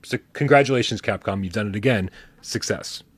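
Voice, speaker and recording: An animated male host in casual conversation, cursing freely and tumbling over his words as he gets excited. His voice sits somewhat low, and the sound is dry and close with no room around it. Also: no room sound. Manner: animated, swears freely, quick restarts. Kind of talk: casual chat.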